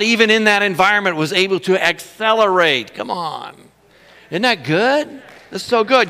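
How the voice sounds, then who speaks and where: A middle-aged male pastor preaching with a high, bright and forceful voice. He tells stories with animated energy and laughs easily. The sound rings with a long hall reverb. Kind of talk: sermon.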